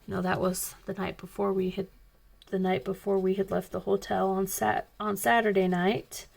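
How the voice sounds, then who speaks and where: A woman with a drawl chats casually while she colors, wandering from one point to the next as she tells a story. Her voice sits in a middle pitch and has a steady crackle of vocal fry. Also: moderate pace. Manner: rambling, chatty storytelling. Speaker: coloring channel host.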